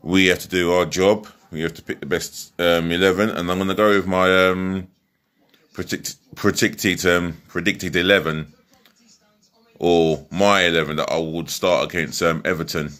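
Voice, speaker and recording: A man chats through a football match preview in a casual home vlog. His voice sits low but carries a bright, forceful edge. He rambles, stops and restarts, and leans on fillers. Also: fairly even intonation, moderate pace. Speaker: football fan vlogger.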